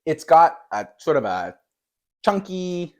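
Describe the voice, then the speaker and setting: A man's voice: fairly high pitch, sing-song, slow pace. A young man, playfully judging baked goods on camera in a mock-serious way, with lots of fillers. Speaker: taste-test judge. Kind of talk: casual on-camera food review.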